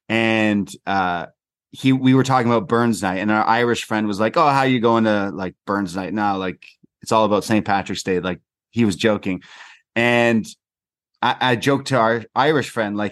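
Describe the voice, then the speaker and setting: A man's voice: fairly low pitch, moderate pace. A Canadian man co-hosting a podcast, recapping a wrestling show in rambling casual chat with lots of fillers and the odd swear. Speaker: podcast co-host.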